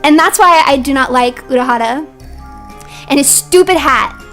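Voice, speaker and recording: Young female streamer, very high-pitched, heated casual rant, faint music bed. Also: moderate pace. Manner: heated, ranting, rising to shouts. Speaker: vtuber streamer.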